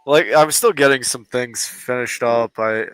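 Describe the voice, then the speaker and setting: A man's voice: medium pitch, a little slow, fairly bright tone, clear, resonant tone, dry recording, faint music behind. A man on a casual stream panel, needling and teasing the other speaker in a laid-back way.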